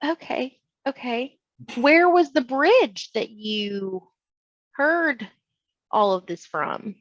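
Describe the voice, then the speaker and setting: A woman playing in a tabletop game, speaking deliberately and asking careful questions. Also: high voice, expressive, no room sound. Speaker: player. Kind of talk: casual tabletop play. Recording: dull, dry lo-fi mic.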